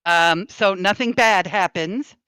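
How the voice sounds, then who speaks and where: A woman running a tabletop game, narrating scenes slowly and expressively as game master. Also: medium pitch, clear, resonant tone, no room sound, low-quality recording. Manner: slow, descriptive, expressive narration.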